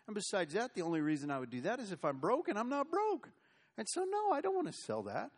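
A man voicing an indignant, high-pitched landowner. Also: wildly swooping pitch, quick pace, heavily acted. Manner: rising, emphatic protest. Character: indignant godly man refusing to sell land.

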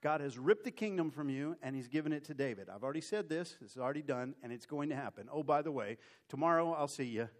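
An irritated old prophet, as a preacher puts him on in a sermon, folksy and exasperated, his voice pitched a touch higher than the rest of the talk. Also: lively intonation, fast, natural voice. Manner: folksy, exasperated, plain-spoken. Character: grumpy old prophet man, annoyed at being summoned. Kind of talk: sermon retelling with acted quotes.

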